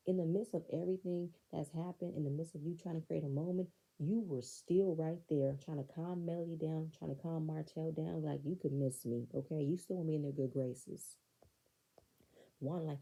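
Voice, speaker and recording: A woman's voice: low voice, normal speed, creaky, dark tone, husky, poor audio. A woman recapping a reality show in blunt, sassy, profane commentary. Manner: blunt, sassy, profane, talks back to the screen.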